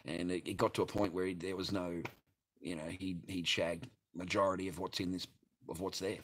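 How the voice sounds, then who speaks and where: A man's voice: deep voice, little pitch movement, fairly quick, a little hiss or hum. A man with an Australian accent rambling through a blunt, profane story to his livestream viewers. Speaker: livestream host.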